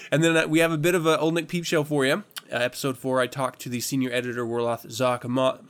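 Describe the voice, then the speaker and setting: A man's voice: mid-range voice, level tone, fast, fairly bright tone. A man hosting a podcast in a casual chat, laughing often, swearing freely and rambling through restarts. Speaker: podcast host.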